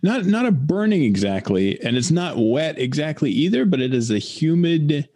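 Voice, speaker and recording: A man co-hosting a casual chat, rambling and halting, laughing often and mimicking voices in his stories. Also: on the high side, sing-song, mellow, no room sound. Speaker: podcast co-host.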